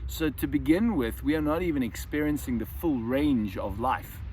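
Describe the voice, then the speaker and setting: A man's voice: medium pitch, moderate pace, a little mellow, slight background noise. A man hosting a self-help video, musing in an unscripted monologue that often restarts and repeats words. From South Africa. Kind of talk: reflective monologue to camera.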